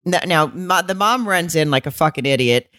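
Animated woman recapping a movie. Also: low-pitched, moderate pace, dry recording, studio quality. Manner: animated storytelling, acting out quotes. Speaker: podcast co-host. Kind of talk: casual chat recapping a movie.

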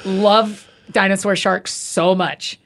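A woman's voice: mid-range voice, steady tone, takes it slowly. A woman podcast host, chatting enthusiastically with her guests. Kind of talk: casual interview chat.

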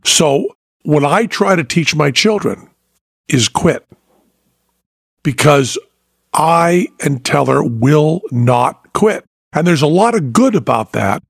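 A man co-hosting a podcast, chatting casually and telling animated stories with frequent laughter. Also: fairly high pitch, creaky, husky, dry recording, clean studio sound. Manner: animated storyteller, laughs often. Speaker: podcast co-host.

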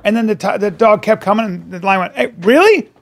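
A man's voice: high voice, fast, gravelly. A man co-hosting a podcast, telling stories in casual banter and swearing freely. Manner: animated storyteller, swears a lot. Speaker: podcast co-host.

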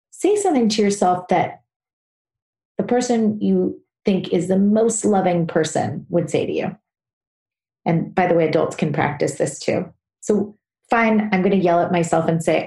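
Woman, parenting podcast host, solo advice, low mellow voice, roomy echo. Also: vocal fry. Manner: warm, earnest, explains with acted examples.

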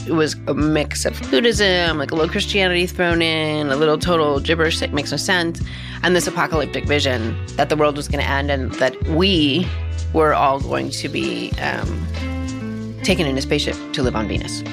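A woman's voice: sits low, moderate pace, over music. A woman speaking in an interview clip, loose and conversational, full of hedges and asides. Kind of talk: casual recollection.

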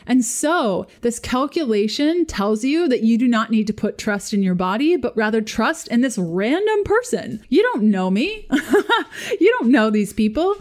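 A woman's voice: a little high, sing-song, moderate pace, darkish tone. A woman hosting her own podcast from home, talking casually and earnestly, often repeating words for emphasis and laughing between thoughts. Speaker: podcast host. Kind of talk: casual solo podcast talk. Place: home room with her dog nearby.

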